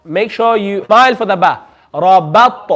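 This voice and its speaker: A man teaching a Quran recitation class, patiently drawing out sounds slowly for students to repeat. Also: high-pitched. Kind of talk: classroom lesson. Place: community centre classroom.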